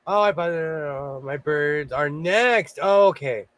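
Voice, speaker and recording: A man's voice: on the high side, animated, slow. Chatty older man hosting a stream. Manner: chatty, warm sign-off, laughs easily. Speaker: host. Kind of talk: casual livestream chat.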